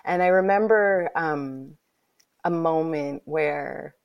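A woman in her thirties with a lowish, gravelly voice shares a personal story as an interview guest. She swings between hushed whispers and loud, animated exclaiming. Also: normal speed. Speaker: guest, author.

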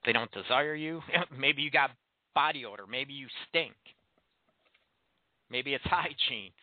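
A man hosts a call-in relationship advice show, speaking frankly and throwing blunt rhetorical questions at his listeners in a radio monologue. His voice is medium-pitched and measured in pace. The sound is tinny and phone-like, completely dry with no room sound.

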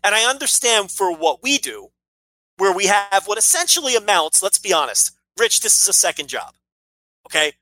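Male podcast co-host, bright tone, dry close sound, blunt rambling talker. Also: sits high, sing-song, normal speed, dry recording, low-quality recording. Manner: rambling, blunt, swears freely. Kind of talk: casual wrestling podcast chat.

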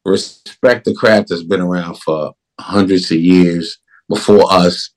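A man who directs films, talking in a casual interview in an emphatic, animated way. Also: low-pitched, measured pace. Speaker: film director.

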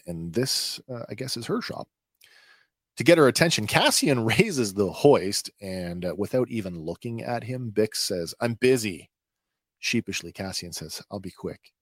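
A man's voice: fairly low pitch, no room sound, clean studio sound. A man hosting a podcast, casually recapping a TV episode in a hesitant, chatty way with many filler sounds. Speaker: podcast host.

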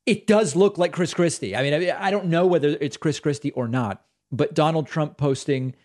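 A man's voice: fairly high pitch, moderate pace, darkish tone. Sarcastic male political talk host. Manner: sarcastic, conversational, with fillers and asides. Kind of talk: opinionated political commentary.

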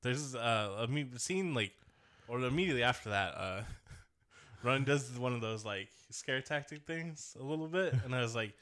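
Man, twenties, podcast co-host, joking casual chat, bright voice. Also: medium pitch, animated, normal speed. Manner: laughing, joking, does voices for quotes.

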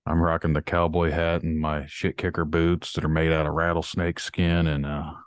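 A deep-voiced man co-hosting a casual podcast, speaking in an earnest, drawling way as he rants. His low voice sounds close and dry, with no room around it. He keeps it loose and conversational. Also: flat delivery, normal speed, clean tone, no room sound. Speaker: podcast co-host.

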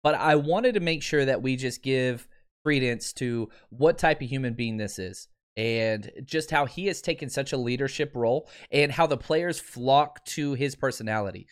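A man's voice: medium pitch, moderate pace, clean tone. A man hosting a live solo sports podcast, chatting casually and reading viewer comments aloud. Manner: energetic, chatty, frequent fillers. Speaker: podcast host.

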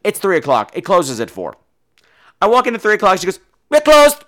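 Animated, swearing male podcast host. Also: high-pitched, a little fast. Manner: animated, profane storytelling. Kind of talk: casual podcast monologue.

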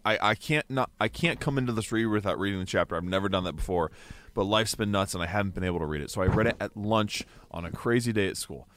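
A man co-hosting a casual book club chat, earnest and quick to laugh. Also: fairly low pitch. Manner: earnest, animated, laughs easily. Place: indoor studio with mics.

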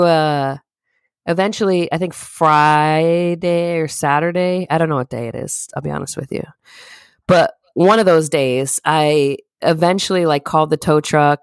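A woman co-hosting a casual podcast, telling stories in a lively way and acting out quoted people. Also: low voice, smooth, dry recording. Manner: animated storyteller, acts out quotes in raised voices. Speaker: podcast co-host. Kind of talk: casual chat.

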